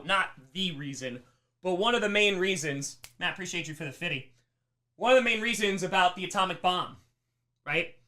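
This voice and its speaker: Brief: young male teacher, crisp bright tone, animated lecture with mock voices. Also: high voice. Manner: animated, acts out mock quotes, rhetorical questions. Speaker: streamer teaching history. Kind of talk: energetic classroom lecture. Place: streaming room.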